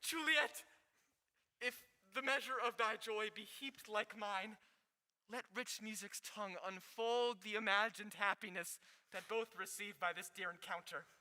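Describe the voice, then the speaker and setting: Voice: medium pitch, a little slow, bright, forceful tone. A young stage actor playing an earnest young man in love in a school play. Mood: ardent. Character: ardent young lover, man. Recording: school hall reverb.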